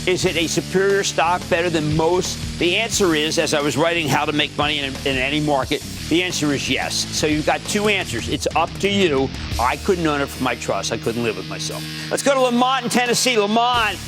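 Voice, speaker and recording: Older male TV stock host, high and animated, loud rapid-fire delivery over music. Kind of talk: animated call-in stock commentary.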